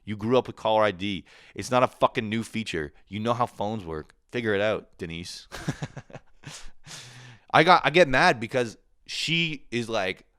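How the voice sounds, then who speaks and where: A man's voice: on the low side, expressive, moderate pace, fairly bright tone, smooth, no room sound, clean studio sound. A man in his thirties, a drunk podcast host, ranting in a profane, sarcastic casual way. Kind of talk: casual comedic rant.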